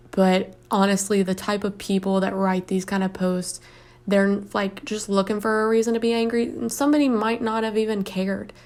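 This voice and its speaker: Woman ranting casually about reddit posts, blunt and sarcastic, lots of ums, mid pitched. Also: creaky, a little mellow. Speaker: vlog host reading Reddit posts. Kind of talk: casual commentary. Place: home, planes heard outside.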